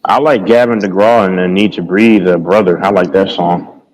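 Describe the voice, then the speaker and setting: Low-voiced guy rambling about songs, keeps repeating himself, forgetting names. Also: fairly even intonation, normal speed, a little mellow, poor audio. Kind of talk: casual chat about music.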